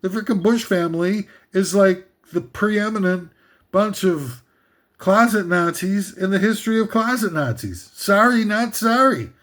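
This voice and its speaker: A man's voice: sits high, unhurried. Sarcastic rambling man ranting. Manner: sarcastic, meandering, with frequent fillers and laughs. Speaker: host. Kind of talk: comedic ranting list commentary.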